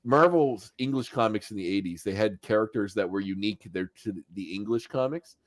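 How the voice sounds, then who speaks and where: A man's voice: fairly low pitch, a little fast, no echo, clean studio sound. Chatty man recapping a cartoon episode. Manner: animated storyteller who acts out quotes and chuckles. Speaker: podcast host. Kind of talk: casual podcast chat recapping a cartoon.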